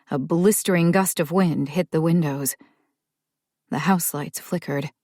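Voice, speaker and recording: A woman narrating an audiobook in a measured, calm way. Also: sits low, dry recording, clean studio sound.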